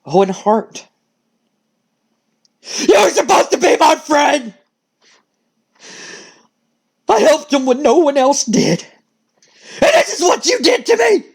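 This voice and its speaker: A man's voice: extremely high pitch, sing-song, slow pace, gravelly, breathy edge, heavily acted. A man playing an unhinged, vengeful wrestler. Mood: menacing. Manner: menacing, shaky, rising to yells.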